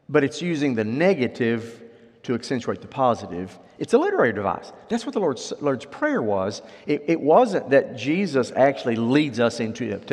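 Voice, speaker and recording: A man preaching a sermon as pastor. He swings from loud, high outbursts down to quiet, low endings, and he voices imagined objectors in a raised pitch. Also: in a large hall.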